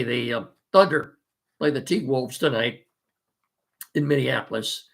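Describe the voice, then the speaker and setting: A man's voice: mid-range voice, measured pace, creaky, long pauses, husky. A middle-aged man hosting a casual sports talk show, folksy and rambling with many fillers, his voice congested from allergies and a cough.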